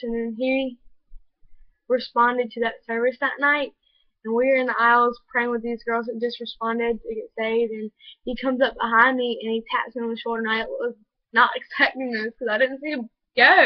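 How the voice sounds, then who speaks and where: A teenage girl vlogs an earnest, gushing personal story, sprinkling in lots of "like." Her voice sits on the high side, with no room sound, in dull lo-fi home-video audio.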